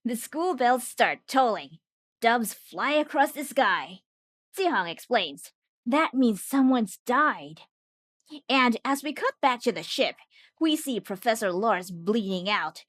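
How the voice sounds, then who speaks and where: A woman's voice: mid-range voice, a bit bright, dry recording, studio quality. A woman narrating a scripted anime recap with jokey, wisecracking asides.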